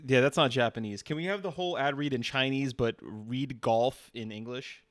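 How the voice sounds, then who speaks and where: A man streaming, teasing an AI in casual banter, deadpan and stammering. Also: medium pitch, moderate pace.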